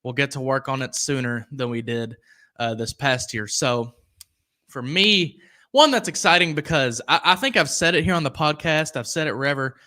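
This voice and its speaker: Young man, sports podcast host, casual rambling talk, bright voice, medium pitch. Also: normal speed. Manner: rambling, reads viewer comments aloud, goes off on tangents. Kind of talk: casual live-stream commentary.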